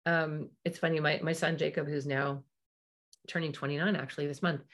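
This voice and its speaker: A woman's voice: low voice, flat delivery, a little fast, a bit bright. A middle-aged woman hosting a parenting podcast, talking through advice in a chatty way, with asides and little acted-out quotes. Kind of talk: casual advice talk.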